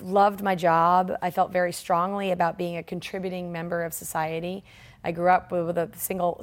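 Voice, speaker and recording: A woman guest in an interview, telling a personal story in a lively, candid way and laughing now and then as she talks. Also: on the low side. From United States.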